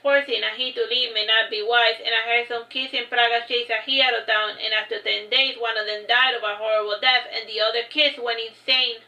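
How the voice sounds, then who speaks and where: Gentle storybook noblewoman, cautious and soothing, read by a woman with a bright voice. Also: a little high, fairly even intonation, fairly quick, hardly any pauses, echoey room, poor audio.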